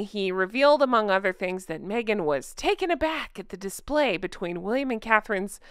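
A woman's voice: medium pitch, pushed and bright, clean tone, dry recording, clean studio sound. A woman hosting a commentary vlog, sarcastic and scornful, laughing often. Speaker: royal commentary channel host.

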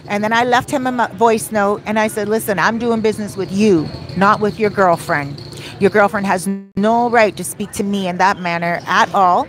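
A woman vlogger casually telling her live viewers a story, animated and chatty, with an exasperated edge. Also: medium pitch. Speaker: vlogger, host of a live stream.

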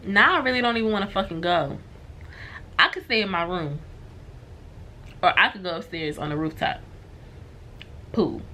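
A woman's voice: on the low side, lively intonation, normal speed, pauses often, pushed and bright, a little hiss or hum. A woman vlogging from her hotel room, venting to her viewers in a frustrated, swearing, casual way.

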